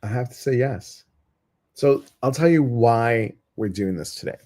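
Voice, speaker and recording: Slow, rambling man hosting a chat. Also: mid-range voice, darkish tone. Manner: rambling and chatty, with many fillers. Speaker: meditation group host. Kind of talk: casual chat to a live audience.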